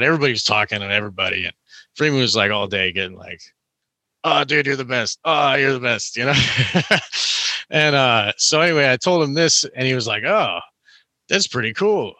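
Bright-voiced man rambling casually. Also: medium pitch, dry recording. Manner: rambling, heavy use of "like" and "you know". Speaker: guest telling a story. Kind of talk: casual storytelling chat.

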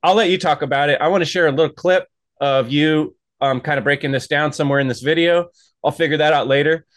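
A man's voice: fairly high pitch, fairly even intonation, fast, fairly bright tone, dry recording. Chatty male host, dry sound. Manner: rambling, chatty storytelling. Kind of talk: casual interview chat.

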